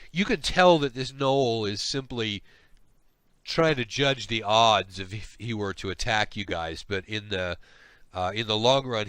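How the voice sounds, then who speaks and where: A man narrating a tabletop game as game master, stumbling along with plenty of "uh"s as he thinks aloud. His voice is bright and forward, recorded dry and close with no room sound. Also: medium pitch, clean tone, dry recording. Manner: rambling, hesitant, lots of uh.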